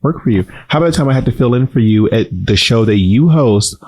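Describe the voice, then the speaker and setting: A man co-hosting a casual chat, speaking softly and holding back his voice after surgery, teasing and mock-indignant. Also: mid-range voice, lively intonation, fast. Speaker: podcast co-host.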